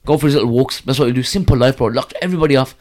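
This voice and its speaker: A man's voice: medium pitch, racing, darkish tone. A man telling a story and giving advice in an emphatic, repetitive way, full of street slang.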